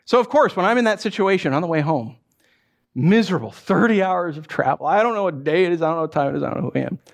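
Male pastor, middle-aged, lively sermon delivery, slightly higher voice, storytelling with restarts. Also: quick pace, gravelly. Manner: animated storytelling with many restarts and acted asides.

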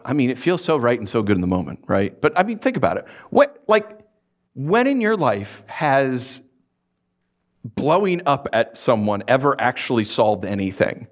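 A man preaching a sermon, telling stories in an animated way, acting out voices and laughing often. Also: mid-range voice. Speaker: pastor.

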